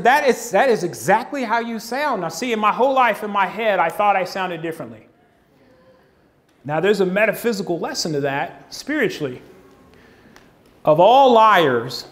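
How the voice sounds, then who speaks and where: A man preaching a conversational sermon, acting out quoted voices as he goes. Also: sits high.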